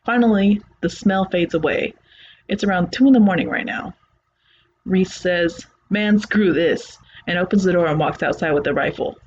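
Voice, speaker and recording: A storyteller reads a creepy first-person tale aloud, keeping a plain, conversational tone. The voice sits at a middle pitch. The home recording sounds slightly muffled, with a faint hiss underneath. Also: normal speed. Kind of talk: reading a horror story aloud.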